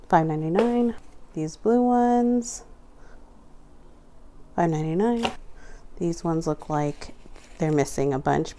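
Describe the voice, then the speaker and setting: A woman's voice: fairly low pitch, vocal fry, background noise. A young adult woman casually narrating an unboxing at home, reading out prices item by item with chatty asides. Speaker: vlogger unboxing a craft store grab bag.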